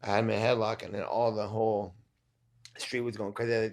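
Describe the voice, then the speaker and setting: A man's voice: fairly low pitch, fairly even intonation, a little fast. A man telling stories as a podcast guest, laid-back and full of swearing. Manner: profane, laid-back, rambling. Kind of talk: casual storytelling.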